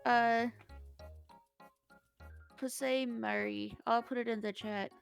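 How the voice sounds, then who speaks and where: A woman playing a tabletop game in casual, joking talk with quick reactions. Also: a little high, fairly even intonation, creaky, clear, resonant tone, soft background music. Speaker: player.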